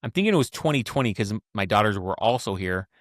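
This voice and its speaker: A man in his forties hosts a casual chat, telling animated stories and dropping "bro" along the way. His voice sits on the low side. The sound is dry and close, with no room around it. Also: fast talker, no room sound. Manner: animated storytelling, says "bro" often. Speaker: podcast host.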